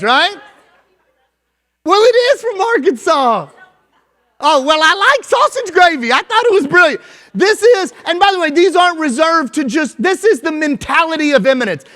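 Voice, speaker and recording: High-voiced folksy Kentucky man. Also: lively intonation, normal speed, pushed and bright, some chatter behind. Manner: folksy and joking, keeps asking "right?". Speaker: school superintendent, keynote speaker. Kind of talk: conference keynote. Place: large conference hall. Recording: long hall reverb with faint music.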